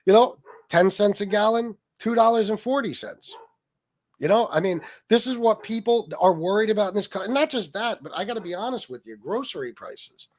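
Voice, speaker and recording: Middle-aged male livestream host, slightly higher voice, angry profane sarcastic commentary. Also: lively intonation, fairly quick, a little mellow. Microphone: streaming mic.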